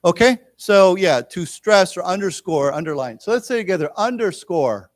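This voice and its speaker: With a high, animated voice, a man teaches English vocabulary in a library lecture room, explaining each word slowly before the class repeats it.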